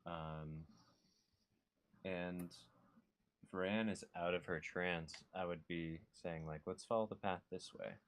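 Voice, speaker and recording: A man playing a tabletop game, thinking aloud calmly as he plays his character. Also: sits low, takes it slowly, long pauses. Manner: calm, musing, thinks aloud. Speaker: player. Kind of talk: casual tabletop game chat.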